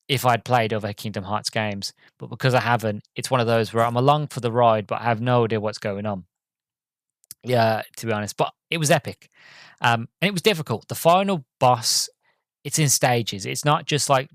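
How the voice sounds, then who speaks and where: A man's voice: medium pitch, fairly bright tone, dry recording. A man hosting a podcast, giving a casual solo game review in a rambling, enthusiastic way with lots of ums and restarts. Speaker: podcast host.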